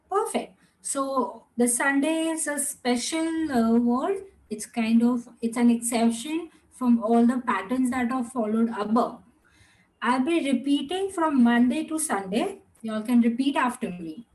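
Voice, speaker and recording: Slow, high-voiced woman teaching Mandarin. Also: animated, a little mellow, poor audio. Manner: slow, drawn-out model pronunciation with repeat-after-me drills; switches into Hindi and Gujarati asides. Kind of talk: online language lesson.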